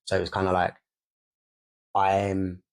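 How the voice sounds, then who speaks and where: A man's voice: sits low, completely flat delivery, measured pace. A young man, co-hosting a candid podcast about fatherhood and swearing freely as he talks. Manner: swears freely, re-enacts scenes loudly. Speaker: podcast co-host.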